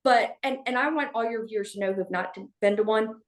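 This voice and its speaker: A woman telling a personal story as a podcast guest, speaking candidly, with many restarts and fillers. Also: fairly high pitch. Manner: halting, with frequent restarts and fillers. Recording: echoey room.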